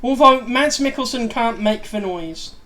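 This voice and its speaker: A man's voice: very high-pitched, lively intonation, unhurried, sharp tone. A man hosting a casual livestream, chatting in a rambling, self-deprecating way. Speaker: livestream host. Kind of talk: casual chat on a gaming livestream.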